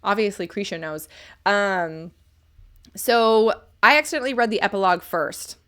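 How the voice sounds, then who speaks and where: A woman's voice: medium pitch, moderate pace, fairly bright tone. A woman in her thirties chatting casually on a live stream, reviewing a book, joking at herself and reading chat comments aloud. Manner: chatty and self-mocking, reads chat aloud.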